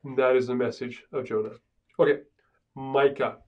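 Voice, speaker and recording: A man's voice: medium pitch, fairly even intonation, normal speed, a little mellow, lo-fi sound. A man, a pastor, teaching a Bible survey class in a conversational way, often checking in with "right?". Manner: conversational, with frequent "right?" asides and restarts. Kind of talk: casual classroom lecture. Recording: speaker far from the mic.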